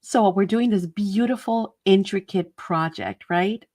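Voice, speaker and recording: An animated woman hosts her craft channel from an indoor studio, chatting casually to viewers. She tells stories with giggles and bursts of laughter, in a mid-range voice. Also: medium pitch, a little slow.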